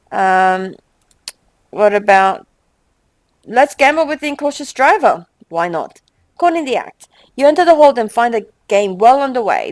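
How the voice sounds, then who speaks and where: A woman's voice: medium pitch, dry recording, rough recording. Chatty young woman gaming host, dry close sound. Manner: chatty and exasperated, reads game text with quick asides. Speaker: let's play host. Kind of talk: casual gameplay commentary and reading game text aloud.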